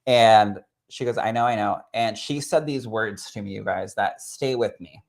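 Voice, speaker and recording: A man, a spirit medium, sharing a personal story in an expressive, chatty way that swells with emotion. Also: fairly low pitch, measured pace, gravelly. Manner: expressive and chatty, full of "like" and "literally".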